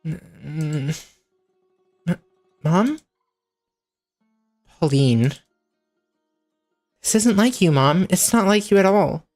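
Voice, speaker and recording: A woman voicing a sweet, cheerful young village girl in a game, speaking brightly and chirpily. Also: lowish voice, lively intonation, takes it slowly, pauses often, faint music behind, voice pushed up. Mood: worried.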